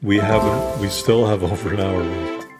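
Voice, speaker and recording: A tired man narrates his gameplay in a casual, chatty way, often apologizing to viewers. His voice sits fairly low. Loud game music plays under his talk. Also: steady tone, normal speed. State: tired and yawning. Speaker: gameplay video host. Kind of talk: casual let's play commentary.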